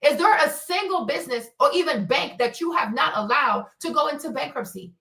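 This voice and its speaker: Brief: young woman from Africa, high bright voice, heated profane streaming rant, set back from the mic in a roomy echo. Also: expressive, vocal fry, recorded from a distance. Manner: emphatic, profane, rapid rhetorical questions. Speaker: streamer host. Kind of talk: ranting commentary stream.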